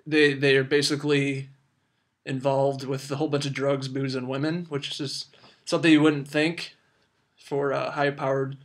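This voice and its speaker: A man's voice: mid-range voice, level tone, moderate pace. A young man giving a casual, rambling film review full of fillers and restarts. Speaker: movie reviewer.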